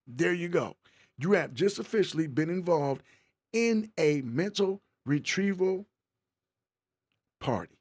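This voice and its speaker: A man's voice: fairly high pitch, expressive, takes it slowly, pauses often, a little mellow, a little hiss or hum. A man hosting a casual livestream podcast, playfully teasing and reading chat comments aloud. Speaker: podcast host.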